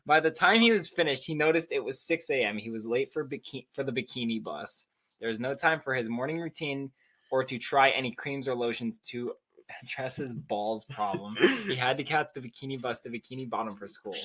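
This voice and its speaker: A young man reads a story aloud among friends with a husky, bright, forceful voice. He breaks into laughter and curses at the silly text. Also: medium pitch, fairly quick. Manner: laughing, swearing. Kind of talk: casual reading aloud with friends.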